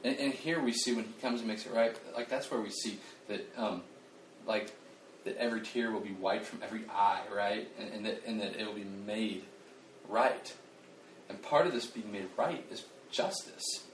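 Guy preaching casual, lively and chatty, lots of restarts, echoey room, mic kinda far off. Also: lowish voice, moderate pace, slight background noise. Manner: animated, conversational, self-deprecating, with frequent restarts and fillers. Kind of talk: casual sermon. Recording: roomy, distant mic, faint ambience.

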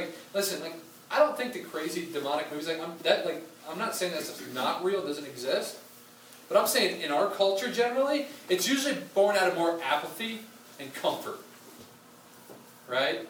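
Very animated and a bit bright, the pastor's slightly high voice moves at a moderate pace through a chatty sermon peppered with fillers and asides. A distant mic in the church hall gives a roomy feel, faint ambience, and a little hiss or hum.

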